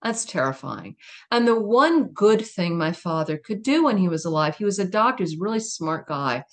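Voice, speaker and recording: A woman's voice: lowish voice, lively intonation, normal speed. A middle-aged woman speaking as a guest in an interview, telling a personal story in a candid, emphatic way with laughs and asides.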